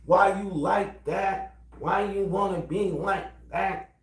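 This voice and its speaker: A man voicing his annoyed female partner, asking sharp questions. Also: high-pitched, slow, pitched above the performer's own voice. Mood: needling. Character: annoyed woman, the narrator's longtime partner. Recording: roomy, distant from mic.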